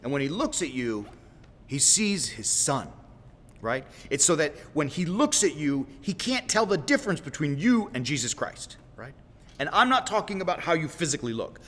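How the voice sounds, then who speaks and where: A man with a fairly high, bright voice and big pitch swings hosts a Christian livestream at normal speed. His informal preaching is folksy and direct, dotted with repeated "right?" and self-corrections with apologies, and a long reverb rings through the roomy space.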